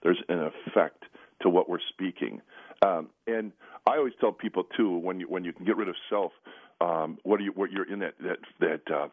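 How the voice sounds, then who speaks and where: Hoarse priest on a phone line. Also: male voice, moderate pace, no echo. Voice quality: deep and gravelly. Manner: earnest, many restarts and "you know". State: hoarse from the flu. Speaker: priest, spiritual director. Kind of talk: radio call-in talk. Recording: dry, tinny phone-line sound.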